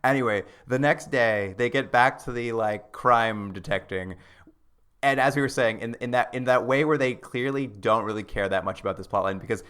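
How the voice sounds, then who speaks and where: Bright-voiced man recapping plot. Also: mid-range voice, normal speed, clean tone. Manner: recaps plot, acting out quoted lines with laughter. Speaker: podcast co-host. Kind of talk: casual chat.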